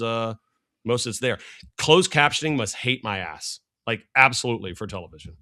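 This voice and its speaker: A middle-aged man, a sports analyst guest, talking fast and rambling in casual podcast chat. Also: medium pitch, bright, forceful tone.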